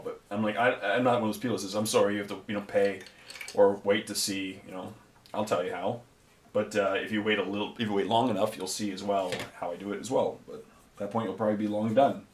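A man's voice: lowish voice, steady tone, fast, echoey room. A man hosting a miniature painting video, talking casually while he paints and rambling with many fillers and self-corrections.

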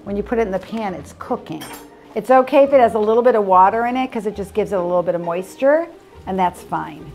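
A woman's voice: mid-range voice, quick pace, over music. A woman hosting a casual cooking demonstration, chatty and playful with upbeat asides. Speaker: cooking show host.

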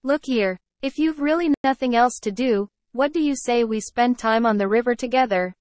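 A woman's voice: fairly high pitch, moderate pace, darkish tone, no room sound, natural voice. A woman voicing a cheerful male water rat in a storybook read-aloud. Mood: cheery.

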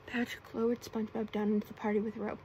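A woman gently reading bedtime stories aloud in a soft ASMR style, sometimes whispering. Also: mid-range voice, little pitch movement, fast, slight background noise, rough recording. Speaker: ASMR storyteller.

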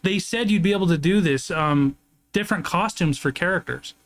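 A young man hosting a game trailer reaction, excitable, swearing a lot and laughing often. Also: high voice, a little fast. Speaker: reaction video host. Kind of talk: excited casual reaction chat.

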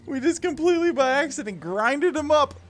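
A man hosting a gaming video, playing a virtual reality fishing game with excitable, playful running commentary, laughing and talking to the fish. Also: extremely high pitch, brisk, slight background noise.

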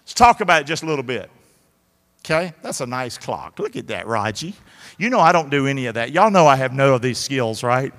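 A man's voice: mid-range voice, big pitch swings, brisk, a bit bright. A man preaching a sermon to a church congregation, exhorting them with call-and-response. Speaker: pastor. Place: large church auditorium. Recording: live church hall reverb.

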